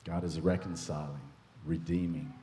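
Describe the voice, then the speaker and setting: A man leading prophetic ministry at a church service, playful and excitable, joking with the congregation. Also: very deep voice, moderate pace, in a large hall, a little hiss or hum. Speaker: guest minister. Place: church sanctuary.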